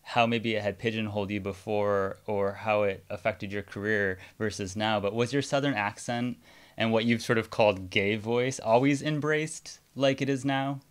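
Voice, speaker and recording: A man's voice: fairly low pitch, fairly even intonation, normal speed, clean tone. A man interviewing a guest, asking questions in a friendly, conversational way. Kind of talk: casual interview chat.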